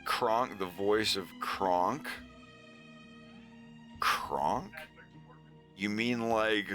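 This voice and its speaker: A man's voice: rumbling low, takes it slowly, a bit bright, soft background music. A man streaming casually, talking in a rambling, profane way. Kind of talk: casual chat.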